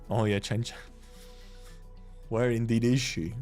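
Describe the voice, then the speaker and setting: Man from Finland, native Finnish speaker, streamer, casual joking commentary, mid pitch, faint music behind. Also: little pitch movement, unhurried, pauses often, darkish tone. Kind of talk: reading a game story aloud with commentary.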